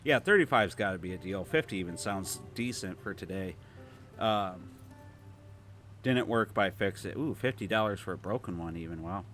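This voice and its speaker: A man's voice: low voice, animated, normal speed, fairly bright tone, soft background music. A man with a Toledo, Ohio accent hosting a casual gameplay livestream, chatting loosely and reading viewer comments aloud. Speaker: livestream host.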